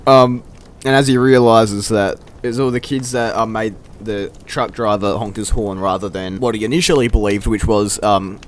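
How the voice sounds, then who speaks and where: A man's voice: lowish voice, normal speed, a little hiss or hum. Profane young man telling stories. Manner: profane, laughing, animated quoting of friends. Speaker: storyteller. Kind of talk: casual anecdote telling.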